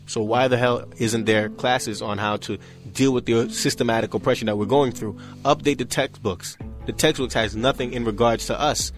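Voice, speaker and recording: Animated young man. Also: mid-range voice, normal speed, hardly any pauses, soft background music. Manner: animated, acts out quoted voices, frequent "you know what I'm saying". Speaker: interview guest. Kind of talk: casual storytelling in conversation.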